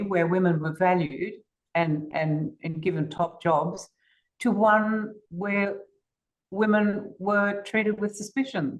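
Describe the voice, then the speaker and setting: A woman's voice: on the low side, low-quality recording. An older woman with an Australian accent, a guest telling stories in a podcast interview in an assured way. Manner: assured, storytelling, occasional restarts.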